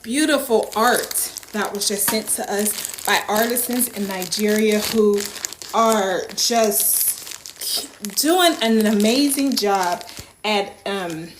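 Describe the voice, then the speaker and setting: A woman who runs a small business, chatting casually in an unboxing vlog and gushing over each piece, often dropping to a soft whisper. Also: mid-range voice, slow pace. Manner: gushing, repeats herself, drops into soft whispers. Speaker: small business owner and vlogger. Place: room at home. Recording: echoey room with faint noise.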